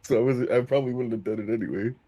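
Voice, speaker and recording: A man's voice: medium pitch, racing, warm tone, lo-fi sound. Rambling, giggly man playing a tabletop game. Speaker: player.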